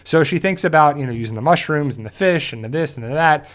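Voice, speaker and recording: A man's voice: a little high, lively intonation, quick pace, a bit bright. A man hosting a casual show, recapping and reviewing a TV episode in a rambling way, with lots of fillers and restarts. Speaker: show host.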